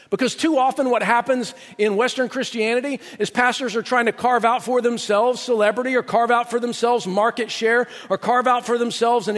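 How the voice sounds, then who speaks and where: High-voiced preaching pastor in a reverberant hall. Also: male voice, a bit bright. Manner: emphatic preaching, reads scripture aloud. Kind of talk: sermon.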